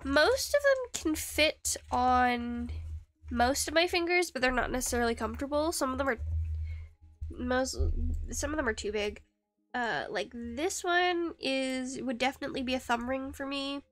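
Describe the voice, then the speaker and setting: A woman with a high voice chats on a live stream while she carves. She rambles and stops herself with fillers. The sound is close and dry, with faint music behind her. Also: expressive, moderate pace, a bit bright, no room sound. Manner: rambling, self-deprecating, hesitant with many fillers. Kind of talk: casual live-stream chat while woodcarving.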